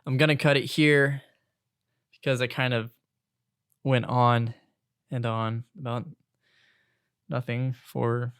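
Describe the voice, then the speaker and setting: A young man hosting his own podcast, ranting casually about retail work and college. He swings between loud outbursts and hushed asides. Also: medium pitch, flat delivery, slow pace, long pauses, smooth, no room sound, studio quality. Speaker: podcast host.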